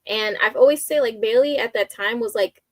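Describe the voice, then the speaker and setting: A woman co-hosting a podcast in casual chat, sounding upbeat and relaxed. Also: fairly high pitch, brisk, no room sound.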